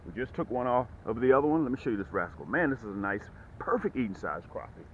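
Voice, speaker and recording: A man hosting a fishing vlog from his boat, folksy and excitable, with a lively voice that swings up and down. The sound is thin and phone-like, with faint hiss in the background. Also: medium pitch, quick pace. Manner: excitable, whoops when fish bite, folksy talk. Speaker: fishing channel host. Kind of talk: casual on-the-water fishing vlog. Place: outdoors on a boat. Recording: phone-like lo-fi audio with faint noise.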